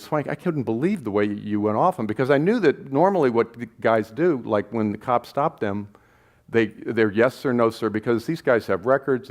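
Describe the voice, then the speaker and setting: A man, a documentary filmmaker, telling a story to an audience in a rambling, self-correcting way with chuckles between lines. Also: on the low side. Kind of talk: live spoken storytelling.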